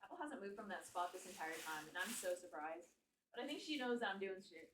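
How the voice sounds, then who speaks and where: A woman's voice: mid-range voice, lively intonation, fairly quick, distant mic, background noise. A young woman chatting casually with her live-stream viewers. She swears freely and laughs often. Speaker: livestreamer. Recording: echoey room, voice off-mic.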